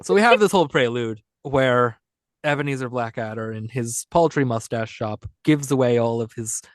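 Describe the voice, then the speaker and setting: A man's voice: mid-range voice, normal speed, dry recording, studio quality. A man co-hosting a podcast, rambling and joking in casual chat. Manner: rambling, chatty, jokey. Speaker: podcast co-host.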